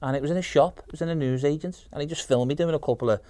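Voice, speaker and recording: A man's voice: fairly high pitch, very fast, dark tone, no echo. A man, a guest impressionist chatting casually in a self-deprecating, storytelling way. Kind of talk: casual chat.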